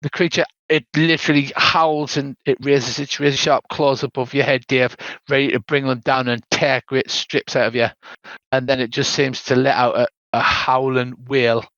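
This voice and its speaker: An older British man running a tabletop game as game master, narrating scenes with dramatic pauses. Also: medium pitch, level tone, fairly bright tone, no echo, muffled recording.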